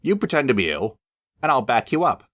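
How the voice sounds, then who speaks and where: A man's voice: medium pitch, sing-song, fairly quick, a bit bright, dry recording, clean studio sound, voice pushed up. A man voicing a sly, scheming female engine with a sniffy, sugary manner.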